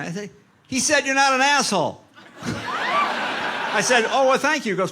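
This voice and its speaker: A man's voice: very high-pitched, very animated, pushed and bright, slight background noise. An older man, a comedian guest telling wry stories in casual talk-show chat. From United States. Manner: wry storyteller, quick punchlines.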